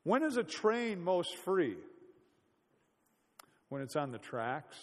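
A man's voice: high-pitched, very animated, takes it slowly, big-room sound. A man preaching a sermon in a conversational, storytelling way, full of rhetorical questions.

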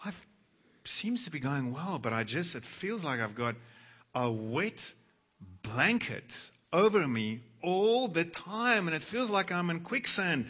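Bright-voiced male pastor preaching. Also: fairly high pitch, animated, takes it slowly, slightly rough. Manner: dramatic, swings from soft to loud when quoting scripture. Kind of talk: sermon. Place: church.

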